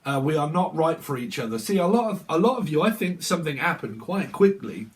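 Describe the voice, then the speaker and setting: A young man reads tarot in a loose, rambling way. He swears freely, laughs between lines and slips into exaggerated quoted voices. His voice sits a little high and is picked up from some distance off the mic. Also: big pitch swings, fairly quick. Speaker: tarot reader. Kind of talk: casual tarot reading monologue. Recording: voice a bit far from the mic.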